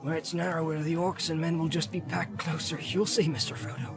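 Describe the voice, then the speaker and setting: A man's voice: on the high side, level tone, brisk, pitched above the performer's own voice, close to an everyday voice. A man voicing an earnest young male hobbit in an audiobook, homely and reassuring. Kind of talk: audiobook character voice. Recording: loud music under the voice.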